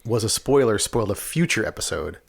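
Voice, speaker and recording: A man co-hosting a podcast in casual chat, joking and teasing, quick to laugh. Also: lowish voice, animated, gravelly. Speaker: podcast co-host.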